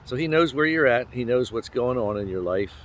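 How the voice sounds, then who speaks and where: A man hosting an informal outdoor devotional talk, gentle and folksy, recorded on a handheld phone. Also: medium pitch, expressive, a little hiss or hum. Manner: gentle, folksy, with pauses and small laughs. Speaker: devotional host. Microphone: handheld phone camera.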